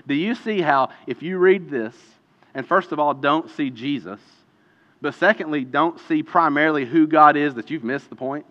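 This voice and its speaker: A man preaching a sermon, animated and emphatic, with chatty asides and quick restarts between points. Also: a little high. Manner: animated preaching with sudden loud emphatic peaks; chatty, self-deprecating asides with fillers and restarts. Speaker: pastor. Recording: muffled, with a long hall reverb.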